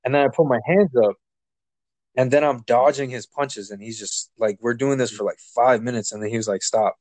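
Speaking at a medium pitch and a bit fast, this man tells a personal story in relaxed chat, with no room sound. As a guest sharing his life story, he animatedly voices the other people, acting out what they said.

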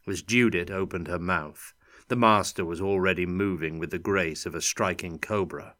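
Slow, bright-voiced male narrator. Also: sits low, dry recording, studio quality. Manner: steady, unhurried, dramatic storytelling. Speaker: audiobook narrator. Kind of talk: scripted narration.

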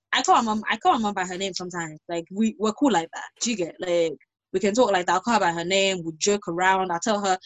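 Young woman chatting fast with friends, lots of restarts, dry close sound. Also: mid-range voice, no echo. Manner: chatty, many restarts and fillers. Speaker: panel guest. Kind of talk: casual chat.

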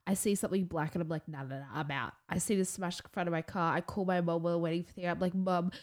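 A woman's voice: lowish voice, little pitch movement, quick pace, a little mellow. A young woman co-hosting a podcast, retelling an event with dramatic flair and frequent laughter in casual chat. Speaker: podcast co-host.

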